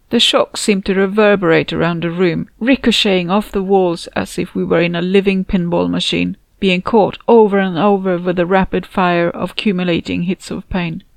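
A woman reading her own story aloud in a measured, steady storytelling voice. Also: on the low side, vocal fry, no echo. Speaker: author and narrator. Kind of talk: audiobook narration.

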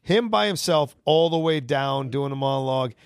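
Brief: male film-podcast co-host, lively pitch, quick to agree, dry close sound. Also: smooth, no echo. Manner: agreeable, laughs often, quick to chime in. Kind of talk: casual film-discussion chat.

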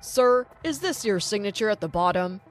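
A woman's voice: medium pitch, lively intonation, moderate pace, voice pushed down, lightly acted. Woman reading a formal, firm police officer.

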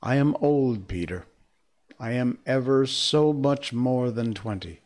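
A man voicing a gentle, guilty grown woman who speaks softly and hesitantly in a storybook reading. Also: mid-range voice, lively intonation, slow. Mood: sad. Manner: soft and hesitant.

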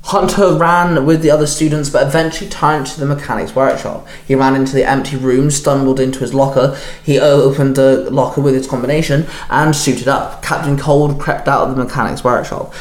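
A man reading his fan fiction story aloud as narrator. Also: medium pitch. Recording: echoey room.

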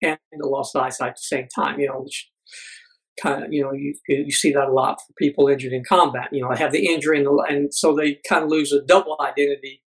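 A middle-aged man, a podcast guest, telling a personal story earnestly, halting with many fillers. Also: mid-range voice, flat delivery, breathy edge, low-quality recording.

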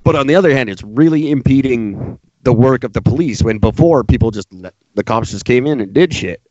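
A man's voice: medium pitch, expressive, brisk, a little mellow, dry recording, highs cut off. Sarcastic man ranting on a podcast. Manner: ranting, sarcastic, mocking put-on voices. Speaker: podcast co-host. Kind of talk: casual podcast chat.

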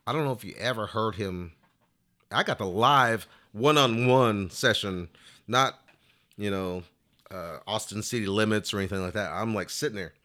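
This flute player has a lowish, sharp-toned voice and a moderate pace. He tells a long, wandering story in relaxed interview talk, with "you know" scattered throughout.

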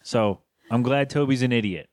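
A man co-hosting a podcast, casually recapping a cartoon episode with jokes and quick quoted voices. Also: mid-range voice, a little mellow, no room sound, clean studio sound. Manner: joking, retells scenes with quick put-on quotes. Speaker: podcast co-host.

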